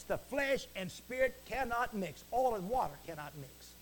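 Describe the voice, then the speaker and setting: A man preaching a fiery broadcast sermon from the pulpit, swinging from shouts to hushed asides and repeating stock phrases. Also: very high-pitched, expressive, normal speed, slight background noise. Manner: repeats stock phrases like praise the Lord and it is written.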